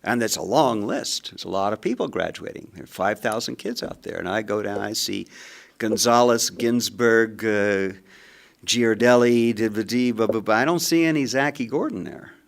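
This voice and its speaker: An older man telling a personal story, animated and acting out his own rising anger. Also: fairly low pitch, normal speed, vocal fry. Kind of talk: storytelling talk.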